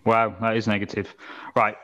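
Measured man, lowish voice. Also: flat delivery, a bit bright, dull audio. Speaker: podcast co-host. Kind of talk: casual football podcast chat.

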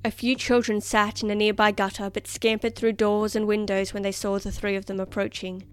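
A woman reading a story aloud as narrator in a measured, expressive way. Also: medium pitch, clean tone. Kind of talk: scripted narration.

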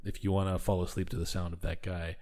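A man's voice: low voice, little pitch movement, fast, warm tone. A man hosting a podcast, giving recommendations in wry, casual chat. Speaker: podcast host.

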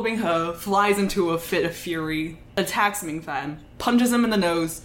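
Brief: lower-voiced woman host, animated story recap, echoey room. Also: a little slow, few pauses. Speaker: podcast host. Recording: echoey room, faint noise.

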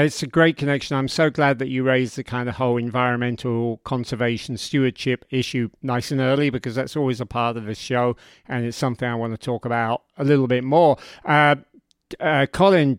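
Smooth-voiced chatty British podcast host. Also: male voice, mid-range voice, no echo, clean studio sound. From Britain. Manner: chatty, enthusiastic, talks in loose run-on questions. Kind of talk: podcast interview.

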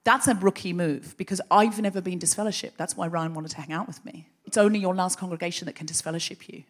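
A woman comedian and podcast host telling a personal story live on stage, wry and lively, winding up to real passion. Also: on the low side, quick pace. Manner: lively, wry, building to impassioned. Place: stage in front of a live audience.

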